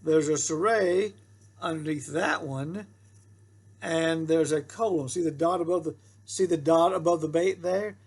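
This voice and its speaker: A man teaches a beginner Hebrew lesson at an unhurried pace. His voice sits a little high, with a husky, gravelly texture. He patiently repeats each rule and sounds out syllables for his students. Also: a little mellow. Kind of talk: slow classroom-style lesson.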